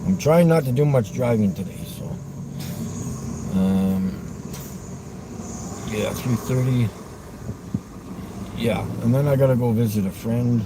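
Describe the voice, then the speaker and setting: A man's voice: medium pitch, slow, long pauses. A man from Westchester County, New York, vlogging from his car in rambling, provocative talk with frequent laughs. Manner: provocative, teasing, laughs often. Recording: car noise behind.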